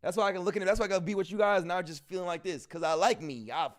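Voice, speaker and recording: A man's voice: high voice, racing. A young man chatting casually on a stream, rambling with asides. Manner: rambling, self-interrupting asides. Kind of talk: casual chat.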